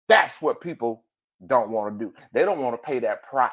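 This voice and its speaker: A man hosting a podcast in a motivational monologue, colloquial and preachy, calling out "ooh" and swinging between loud and soft. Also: animated, normal speed. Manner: preachy, exclaims "ooh", big swings in pitch and volume; colloquial, addresses listeners as family. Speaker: podcast host.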